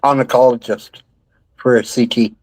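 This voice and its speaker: A man's voice: medium pitch, fairly even intonation, unhurried, darkish tone, dry recording. A man from Canada chatting casually as a co-host, joking and teasing. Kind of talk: casual chat.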